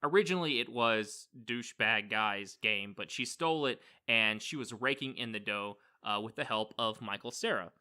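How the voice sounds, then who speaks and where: Rambling man with a bright voice. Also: lowish voice, moderate pace, few pauses. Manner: loose, rambling, swears casually. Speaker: podcast co-host. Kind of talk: casual movie review chat.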